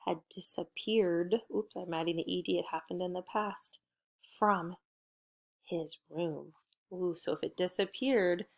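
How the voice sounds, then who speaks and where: Upbeat woman teaching first graders. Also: medium pitch. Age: middle-aged. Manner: upbeat, encouraging, slow and clear for kids. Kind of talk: recorded home lesson for young children. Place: home.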